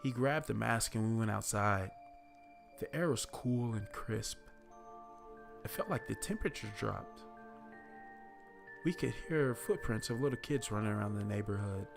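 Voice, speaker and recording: A man casually reading a first-person horror story, relaxed and profane in a conversational way. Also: on the low side, moderate pace, gravelly, pauses often, over music.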